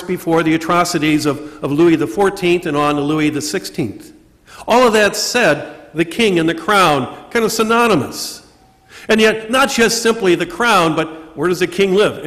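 A man preaching a sermon with a high voice for a man, asking questions and answering them himself. He slows down to stress key words. The sound carries the long reverb of a large church. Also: fairly bright tone. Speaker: priest. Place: church during Mass.

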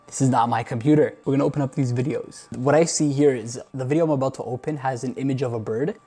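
Vlogging from his computer indoors, a man reacts on camera to found footage, his nervous commentary punctuated by frequent gasps and exclamations. He talks fast in a mid-range voice that is warm and husky, with a steady tone and faint music playing behind him.

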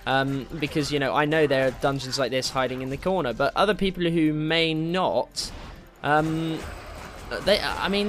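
A man giving casual, excitable commentary while playing a game, swearing and taunting enemies. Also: on the high side. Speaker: gameplay commentator.

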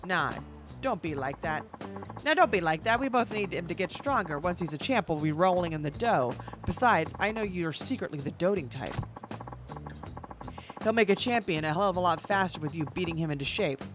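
A woman's voice: fairly low pitch, expressive, normal speed, lightly acted. A woman doing a wheedling old male fight manager. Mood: coaxing. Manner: coaxing, salesman-like. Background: game music.

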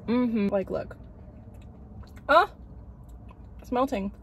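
A woman's voice: a little high, animated, very slow, slight background noise. Chatty young woman reviewing food outdoors. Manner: chatty, gushing, lots of "like" and hums of delight. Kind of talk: casual vlog review. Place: outdoors near a road, cars passing.

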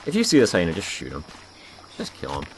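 A young man co-hosts a let's play, teasing his partner and explaining the game mechanics in casual commentary. His low voice swoops wildly in pitch and moves fast, with game music and other background noise behind him.

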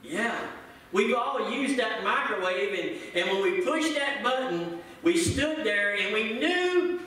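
A man preaching a sermon as pastor, joking with the congregation and acting out quick bits of everyday dialogue. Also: high-pitched, lively intonation, sharp tone. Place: church sanctuary. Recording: echoey room, picked up from a distance.

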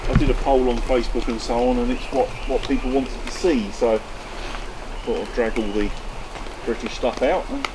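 Fellow camper, man, mid pitch, rambling and umming, clear background noise outdoors. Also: fairly even intonation, normal speed. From United Kingdom. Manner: hesitant, rambling, with fillers. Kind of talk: casual chat. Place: rainy woodland outdoors.

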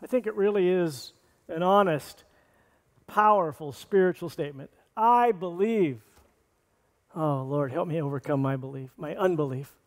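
A man preaching in an earnest, plainspoken way from the pulpit. His voice sits somewhat high for a man, and a long reverb from the church hall trails his words. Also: darkish tone. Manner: earnest, plainspoken preaching with restarts and scripture readings. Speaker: pastor. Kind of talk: sermon. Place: church sanctuary.

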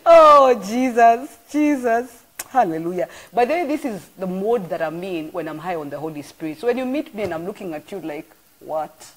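Lively husky woman preacher. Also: on the low side, fast talker, few pauses. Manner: animated storyteller with exclamations. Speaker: church apostle. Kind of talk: informal live-streamed sermon.

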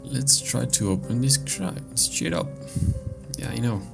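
A man's voice: mid-range voice, animated, measured pace, creaky, loud music behind the voice. A man commentating his own playthrough of a horror game, swearing a lot and reacting with startled outbursts. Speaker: gameplay commentator. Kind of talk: let's play commentary.

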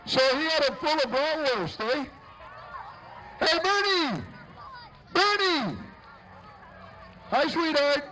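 A middle-aged man calls a street parade into a handheld mic, cracking jokes and whooping for each group. His voice sits very high for a man, and a steady wash of outdoor noise runs under it. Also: slow pace, long pauses, some chatter behind. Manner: jokey, upbeat emcee, often shouting cheers. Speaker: parade announcer. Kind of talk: live event announcing. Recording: noisy outdoor parade recording.

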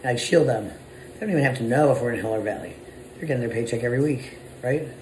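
Blunt, profane business owner in echoey room. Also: male voice, mid-range voice, quick pace, darkish tone, a little hiss or hum. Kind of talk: casual motivational monologue.

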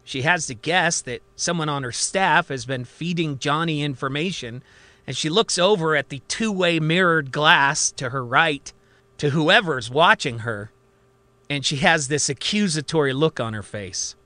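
Male storyteller, conversational narration, bright voice, slightly high, dry close sound. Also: a little slow, no room sound. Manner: conversational, lively retelling.

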